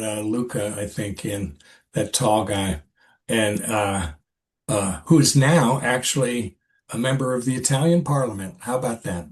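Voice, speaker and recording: This is casual interview storytelling from an older man, an actor on a podcast, recounting something from years back. His voice is medium in pitch, and he rambles haltingly, using fillers and starting over as he returns to points.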